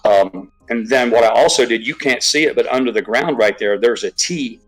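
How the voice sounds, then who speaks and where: A man's voice: medium pitch, moderate pace, soft background music, low-quality recording. A man chatting casually on a live stream, rambling, swearing freely and restarting his sentences often. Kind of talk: casual chat.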